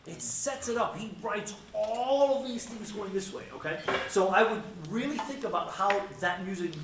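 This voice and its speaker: A man with a high voice coaches a student conductor, gently questioning him and singing melody lines in nonsense syllables. He is heard from a distance in a reverberant rehearsal room. Band noise runs clearly underneath. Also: expressive, normal speed. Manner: gentle, encouraging, asks many questions. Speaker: conducting clinician.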